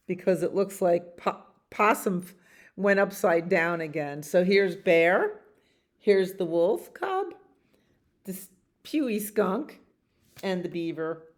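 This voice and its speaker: A woman librarian reads a bedtime picture book aloud at an unhurried pace, stopping often to point out the pictures. Her voice sits a little low for a woman, and her tone stays gentle and chatty. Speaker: children's librarian.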